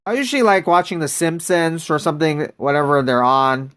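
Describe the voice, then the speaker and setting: A man's voice: fairly high pitch, brisk, a bit bright, clean tone. A man streaming a mobile basketball game, chatting casually and greeting viewers from chat.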